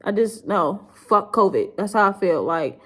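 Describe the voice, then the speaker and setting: A woman's voice: mid-range voice, lively intonation, moderate pace, a bit bright. A young woman vlogging to her viewers while grieving, rambling with lots of "like" and speaking bluntly, with swearing. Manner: rambling, heavy use of "like", blunt and profane. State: grieving, subdued. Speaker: YouTuber. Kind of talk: emotional storytime vlog.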